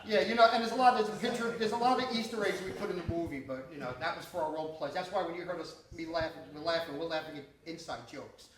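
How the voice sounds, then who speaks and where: A man's voice: a little high, quick pace, few pauses. A man, an independent filmmaker telling profane, laughing stories to an audience after a screening. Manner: profane, laughing, animated storyteller. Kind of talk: casual storytelling Q&A. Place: small cinema screening room with an audience. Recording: echoey room from far off, audience chatter.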